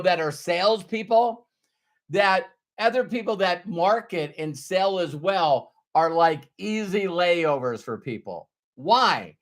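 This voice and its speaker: Middle-aged man, sales trainer type; high voice, unhurried, earnest, hammers his points by repeating them. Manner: earnest, emphatic, repeats key phrases. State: choked up with emotion. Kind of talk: motivational talk to camera.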